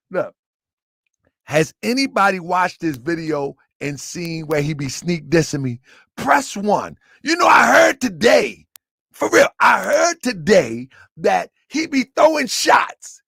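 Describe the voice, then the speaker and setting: A man hosting his own channel, ranting loudly and laughing through animated commentary. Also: high voice, slow, creaky, husky, no echo, clean studio sound. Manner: loud, laughing, animated rants. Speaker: channel host.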